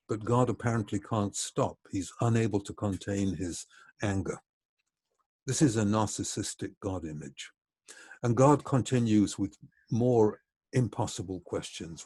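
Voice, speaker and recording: A man lectures in a measured, thoughtful way with a low, mellow voice. His tone is somewhat husky. The recording is dry and close, with no room sound. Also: no room sound.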